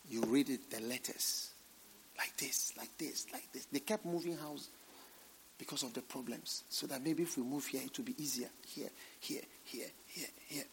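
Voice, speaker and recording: A male preacher delivering a revival sermon. He swings from hushed asides to shouted points and repeats his phrases for emphasis. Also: mid-range voice, slight background noise. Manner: dramatic swings between hushed and shouted lines.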